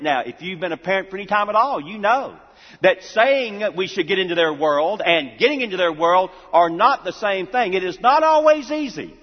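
Male pastor, sermon, emphatic, repeats lines, dull lo-fi sound, long echo. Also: high voice. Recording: reverberant hall, dull lo-fi sound.

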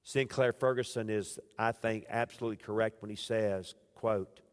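A man preaching a sermon as pastor. He moves between loud, raised emphasis and hushed, low passages. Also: steady tone, normal speed, hardly any pauses, clear, resonant tone, big-room sound.

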